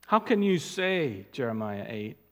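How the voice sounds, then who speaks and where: A man preaching an expository sermon, stressing key words loudly and dropping to quiet asides. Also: medium pitch, big pitch swings. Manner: emphatic, deliberate, swings from loud stresses to quiet asides. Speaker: pastor. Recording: long hall reverb.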